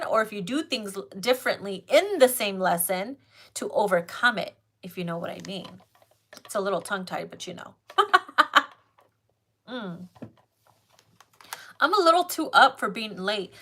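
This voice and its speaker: A woman's voice: a little high, pushed and bright. A woman giving a casual tarot card reading who talks straight to her viewers, blunt and full of swearing. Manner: profane, blunt and emphatic. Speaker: tarot reader.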